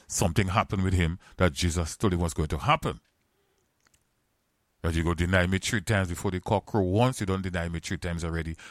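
Low-voiced man preaching a fervent sermon. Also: no echo. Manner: repetitive, building to fervent emphatic exhortation.

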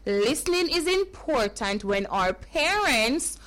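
Lady reading a bible story to little kids, slow and high, repeats herself a lot. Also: sing-song, a bit bright, poor audio. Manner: repeats phrases, asks children questions. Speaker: children's Bible teacher.

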